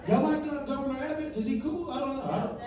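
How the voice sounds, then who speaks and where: A man doing a stand-up set on a club stage, bantering with the audience, swinging between loud bursts and low mutters. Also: steady tone, fast. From Virginia. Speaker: stand-up comedian. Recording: echoey club recording from far off, loud crowd. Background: audience laughter.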